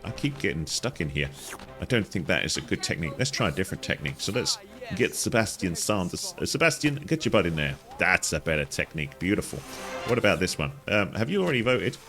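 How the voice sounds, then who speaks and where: Very animated and fast, his slightly bright voice rides over faint background music as he hosts a playful gaming guide. He jokes around, chats with the characters in silly voices, and jumps high in pitch while narrating the walkthrough.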